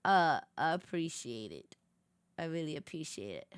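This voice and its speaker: A woman VTuber streamer in casual late-night chat. She gushes bubbly, with sudden squeals and soft whispers. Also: deep voice, very animated, normal speed, clean tone, no room sound.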